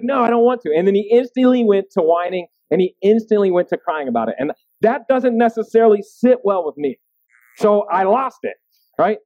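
A man's voice: high-pitched, no echo. A man in his thirties preaching a sermon in a casual, self-deprecating way, often checking in with the room. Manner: self-deprecating, conversational, asks the room "right?". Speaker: pastor. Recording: dry, phone-like narrow sound.

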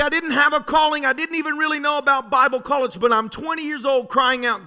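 High, bright-voiced fervent preacher man. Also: steady tone, a little fast, hardly any pauses. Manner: fervent, storytelling preacher who swings from soft to shouting. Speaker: pastor. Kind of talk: sermon. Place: church sanctuary.

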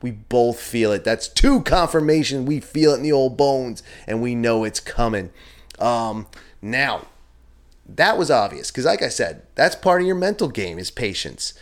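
A man hosting a podcast in a casual, rambling monologue, cursing now and then and jumping up in pitch when he gets worked up. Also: unhurried. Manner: chatty and rambling, swears freely, animated pitch jumps. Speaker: podcast host. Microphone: filmed talking to a camera with a monitor.

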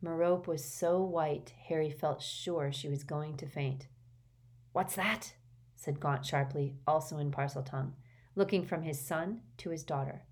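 Low voiced woman reading a novel out loud, steady and expressive. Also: normal speed. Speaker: audiobook narrator. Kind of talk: audiobook narration.

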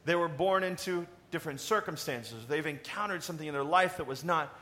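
A man preaching a sermon in a conversational, animated way, asking the congregation questions. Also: a little high, brisk. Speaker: pastor.

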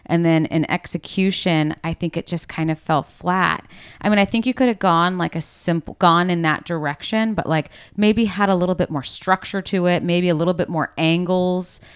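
Woman co-host, deep smooth voice, casual and thoughtful. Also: moderate pace. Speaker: podcast co-host. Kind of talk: casual chat.

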